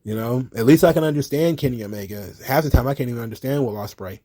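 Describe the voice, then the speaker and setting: Guy ranting about wrestling, swears a lot, lots of ums, mid pitch, dry close sound. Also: fast, warm tone, no room sound. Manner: blunt, profane, rambling with fillers. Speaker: wrestling commentary host. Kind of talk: casual opinionated commentary.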